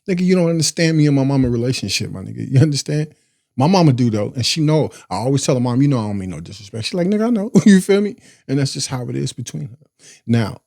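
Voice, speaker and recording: A man's voice: on the low side, a little mellow, slightly rough, no room sound, clean studio sound. A man telling his life story in a casual monologue, cursing freely and often asking "you feel me?". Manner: profane, streetwise, keeps asking "you feel me?"; breaks into laughter.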